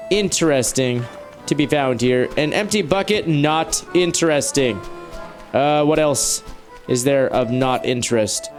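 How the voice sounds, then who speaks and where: A young man giving jokey, self-mocking commentary while playing a survival game. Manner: animated, playful pitch swings. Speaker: gaming YouTuber. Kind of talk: let's play commentary.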